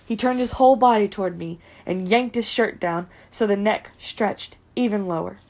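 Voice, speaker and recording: A woman's voice: mid-range voice, normal speed, a little mellow. A woman giving earnest, emotional first-person audiobook narration.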